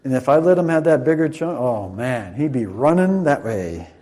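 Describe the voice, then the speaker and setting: A man's voice: medium pitch, big pitch swings, moderate pace, dark tone. A man preaching in a church, leading a Passover demonstration and joking playfully with volunteers. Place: church sanctuary.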